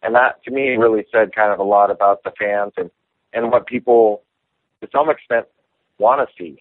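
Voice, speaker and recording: A man, a professional fighter, telling stories in a relaxed, casual interview. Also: on the low side, moderate pace, dry recording. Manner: relaxed storyteller acting out quotes. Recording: tinny phone line.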